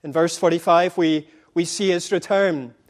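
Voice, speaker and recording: High-voiced man preaching a dramatic sermon. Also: fairly even intonation, moderate pace. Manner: dramatic retelling with impassioned dialogue, dropping to hushed tones.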